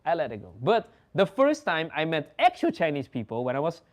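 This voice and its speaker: This young Dutch host has a voice on the high side and a brisk delivery. He keeps the chat casual, telling stories with animated energy, swearing and laughing as he goes.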